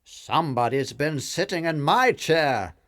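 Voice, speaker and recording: A man voicing a big, gruff father bear in a storybook tale, booming and emphatic. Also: expressive, a little slow, fairly bright tone. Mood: grumbling.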